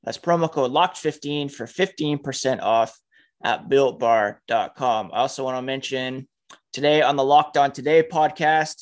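A man's voice: medium pitch, normal speed. Casual male podcast host, reads ads then chats. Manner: easygoing, chatty. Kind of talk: ad read and casual chat. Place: home with children nearby.

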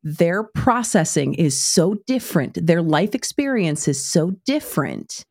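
A woman in her forties co-hosting a podcast, telling a parenting story with animated quoting of her kids. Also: a little slow. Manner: animated storyteller, jumps high for quoted kids. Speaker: podcast co-host. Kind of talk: casual chat, storytelling.

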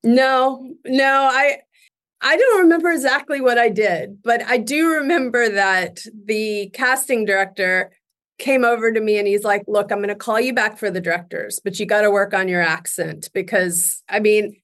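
A woman's voice: mid-range voice, normal speed, a bit bright. A middle-aged woman, a guest actress in a casual interview, telling stories and laughing often.

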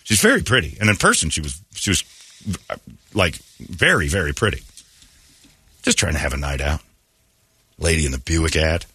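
Animated, husky-voiced male radio host. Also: extremely low pitch, moderate pace, long pauses, dry recording. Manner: animated storyteller who acts out quoted voices. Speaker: radio morning show host. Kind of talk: casual radio banter.

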